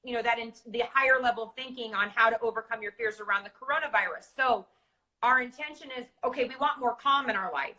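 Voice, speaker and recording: A woman co-host explains a coaching method through a worked example. Her voice is notably bright and sits fairly high. She sounds affirming and keeps the talk clear and practical. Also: rough recording. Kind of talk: casual coaching chat.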